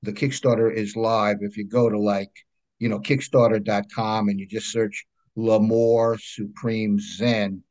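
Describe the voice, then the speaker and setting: A man's voice: on the low side, a little slow. Chatty New York man telling stories. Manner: animated anecdotes, frequent "right?" check-ins. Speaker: guest, comic book creator. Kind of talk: casual storytelling interview.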